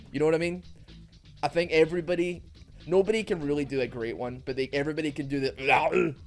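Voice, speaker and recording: A man giving rambling, self-mocking commentary over a video game, with quick asides. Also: a little high, soft background music. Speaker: gaming YouTuber. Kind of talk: joking gameplay commentary.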